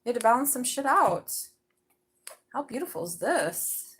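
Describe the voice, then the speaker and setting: A middle-aged woman doing a live tarot reading, chatty and excitable, swearing casually as she talks. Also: on the high side, moderate pace, husky, low-quality recording. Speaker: tarot reader.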